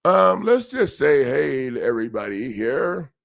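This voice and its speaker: A man's voice: mid-range voice, measured pace, gravelly. A man hosting a livestream, casually telling a story and acting out the people he quotes. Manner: animated, laughing storyteller who acts out quotes. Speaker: livestream host.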